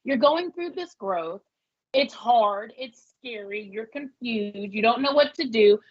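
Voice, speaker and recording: A woman's voice: expressive, unhurried. A woman from Pennsylvania giving a folksy, reassuring live tarot reading, calling listeners honey and love. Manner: folksy, reassuring, laughs often. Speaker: psychic reader. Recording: muffled low-fi audio.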